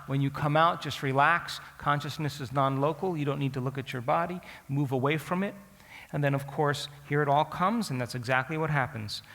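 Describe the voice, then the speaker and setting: A man's voice: a little high, brisk, a bit bright, in a large hall. A man telling a story to an audience as a lesson. He asks them direct questions and acts out his own past thoughts. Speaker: speaker teaching an audience. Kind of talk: storytelling lecture.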